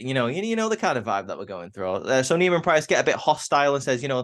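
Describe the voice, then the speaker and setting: A man's voice: mid-range voice, lively intonation, fast talker, few pauses, a bit bright. A man casually recapping a wrestling show, talking loosely with lots of fillers and restarts. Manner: chatty, many fillers and restarts.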